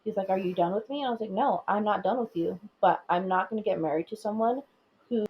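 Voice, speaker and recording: A woman's voice: medium pitch, fast talker, dull audio, a little hiss or hum. A young woman co-hosting a casual chat podcast, rambling through a personal story with lots of filler words. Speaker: podcast co-host.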